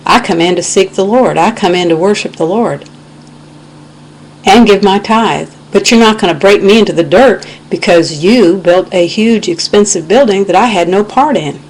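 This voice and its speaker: Speaking at normal speed in a mid-range voice, an American woman blogs on video, her webcam mic catching an impassioned, indignant rant laced with scripture. The recording is rough.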